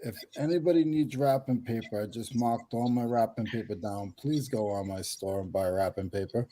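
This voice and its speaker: Rhode Island man, dark mellow voice. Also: mid-range voice, normal speed, a little hiss or hum. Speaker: reseller on a livestream panel. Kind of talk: casual group chat.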